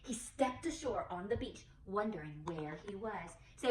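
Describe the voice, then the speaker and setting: Animated young woman reading to a toddler. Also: medium pitch, moderate pace, roomy sound, recorded from a distance, a little hiss or hum, rough recording. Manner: animated, coaxing, sing-song prompting. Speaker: preschool teacher. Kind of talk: reading a picture book aloud to a toddler.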